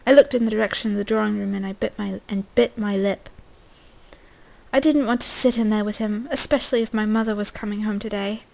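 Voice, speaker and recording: A woman's voice: mid-range voice, steady tone, a little fast, gravelly, darkish tone, poor audio. A young woman reading a story game aloud in a casual way, breaking off with swearing, jokes and coughs.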